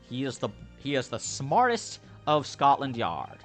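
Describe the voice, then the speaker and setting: A man's voice: medium pitch, huge pitch swings, measured pace, soft background music. A man voicing an earnest young male defense attorney in a game let's play.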